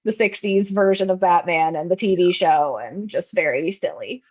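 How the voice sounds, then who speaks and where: A woman's voice: lowish voice, moderate pace, lo-fi sound. A woman co-hosting a casual movie-review podcast, chatty and giggly, often trailing off. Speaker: podcast co-host.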